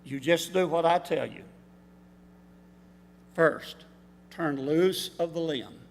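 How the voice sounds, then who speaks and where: A man voicing God as a calm, matter-of-fact presence speaking from above, in a reverberant church hall. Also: on the high side, slow pace, a little hiss or hum.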